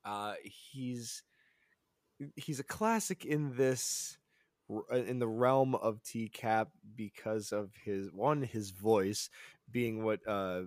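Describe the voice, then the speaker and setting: A man hosting a podcast in casual chat, laid-back and quick to laugh, steering the conversation along. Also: fairly low pitch, no room sound, clean studio sound. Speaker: podcast host.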